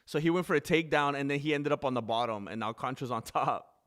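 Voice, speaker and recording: A man chats through a live fight stream in casual commentary, rambling and quick to get excited. His voice sits at an ordinary middle pitch. He talks like he is hanging out with his viewers. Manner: chatty, rambling, easily excited.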